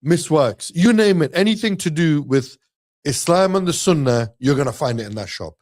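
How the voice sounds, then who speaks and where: A man's voice: fairly high pitch, expressive, moderate pace. Man hosting a live stream. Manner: upbeat, rallying listeners, reading sponsor shout-outs. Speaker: co-host of an Islamic live stream. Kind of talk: casual live-stream chat.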